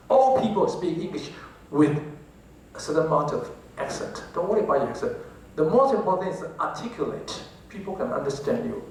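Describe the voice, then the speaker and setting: A man with a Taiwanese accent gives a lecture to teachers, often asking the audience rhetorical questions and repeating his words. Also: high voice. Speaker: professor giving a talk on English teaching. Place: large lecture hall. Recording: very echoey hall, distant from the mic, faint noise.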